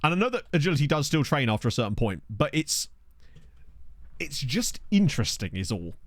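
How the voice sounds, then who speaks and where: A man's voice: brisk, dry recording, studio quality. A man casually commentating a football management game on a stream, thinking aloud with a chatty manner. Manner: chatty, thinking aloud, animated pitch swings. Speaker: gaming streamer. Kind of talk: casual let's-play commentary. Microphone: desk microphone.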